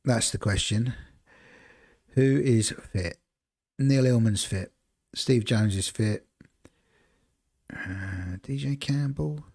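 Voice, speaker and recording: Streaming himself playing a football management game, this man talks slowly in a gravelly, slightly mellow voice of medium pitch, pausing often. Between decisions he rambles casually and chats with his audience.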